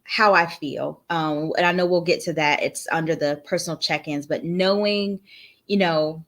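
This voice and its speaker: A woman's voice: sits low, steady tone, moderate pace. A woman hosting a casual chat, reflective and easygoing as she talks about herself. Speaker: host.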